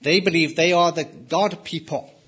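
Male pastor, husky and a touch high, emphatic sermon delivery. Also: normal speed, fairly bright tone. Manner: emphatic, rises and drops sharply for stress.

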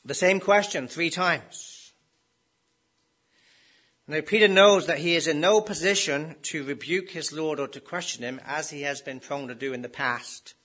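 A man's voice: a little high, a little slow, bright, forceful tone. A man preaching a sermon in a conversational way, often asking his listeners rhetorical questions.

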